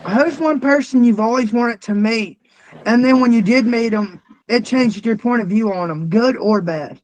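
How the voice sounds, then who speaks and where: A man interviewing a guest, telling animated, profane stories with shouted punchlines. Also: very high voice, moderate pace, rough recording. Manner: profane, animated, loud storytelling. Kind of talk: casual storytelling.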